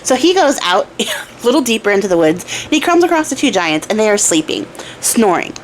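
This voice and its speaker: A woman's voice: medium pitch, very animated, brisk, a little hiss or hum. Chatty irreverent young woman storyteller. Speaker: storyteller and crafter. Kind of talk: casual storytelling.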